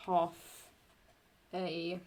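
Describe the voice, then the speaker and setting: A woman talks through a Latin meter lesson at an unhurried, slow pace. She thinks aloud, corrects herself as she goes, and draws out the Latin verses deliberately. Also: fairly low pitch, monotone. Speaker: Latin teacher. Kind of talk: screen-recorded lesson.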